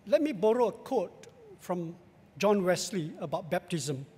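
A male pastor with a Singaporean accent, preaching in a measured, emphatic, rhetorical way in a church. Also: sits high, very animated, dark tone, husky. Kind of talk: sermon. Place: large church sanctuary. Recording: long church hall reverb.

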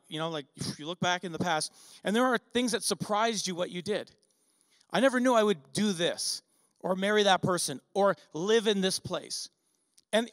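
High-voiced man preaching in a hall. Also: fairly bright tone. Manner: conversational preaching with rhetorical questions and asides. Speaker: pastor. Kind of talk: sermon. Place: church sanctuary.

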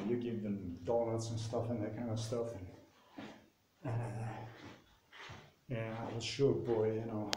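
A man telling a rambling personal anecdote, loose and profane, full of fillers. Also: mid-range voice. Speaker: storyteller. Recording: roomy with faint noise.

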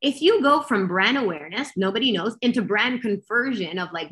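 A woman business coach speaking as a guest, emphatic and expressive, often restarting her sentences. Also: mid-range voice, normal speed, hardly any pauses, reverberant. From Canada. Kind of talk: energetic coaching talk.

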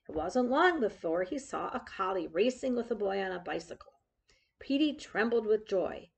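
Gravelly-voiced woman reading a picture book. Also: on the high side, normal speed. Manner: expressive, shows pictures as she reads. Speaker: storyteller.

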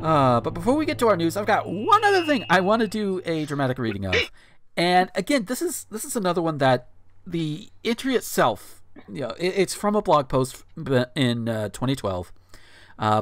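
A man's voice: fairly high pitch, sing-song, moderate pace, dry recording. A man in his thirties hosting a podcast, chatting casually and breaking into incredulous, swearing outbursts. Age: 30s. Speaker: podcast host. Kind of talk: casual podcast chat with dramatic readings.

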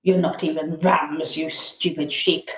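A woman's voice: deep voice, flat delivery, unhurried. A woman voicing a proud, haughty young male storm hound pup, growling and indignant, in a children's book reading. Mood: scornful. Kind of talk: reading a children's novel aloud. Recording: roomy, dull lo-fi sound.

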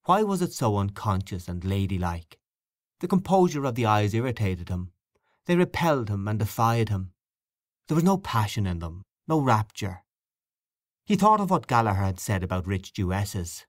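A man narrating a classic short story in a measured, quietly expressive reading. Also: fairly low pitch, no room sound, studio quality. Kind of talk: literary audiobook reading.

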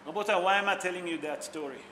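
A high-pitched man with a sharp tone and a quick pace speaks as a rabbi, with slight background noise behind him. Emotional storytelling runs through his sermon, and he keeps questioning his listeners in non-native English built on simple grammar.

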